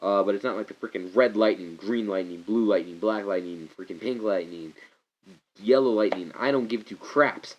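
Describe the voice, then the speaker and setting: A man vlogging a rambling casual movie rant to his camera, digressive and animated, breaking into loud mock voices. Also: on the low side, normal speed, slight background noise. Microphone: camera mic. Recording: dull lo-fi camera audio.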